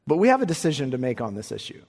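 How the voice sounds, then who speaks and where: A man's voice: medium pitch, wildly swooping pitch, very fast, a little mellow, breathy edge. A male pastor preaching a sermon with emphatic delivery, often repeating words as he presses a point. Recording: long hall reverb.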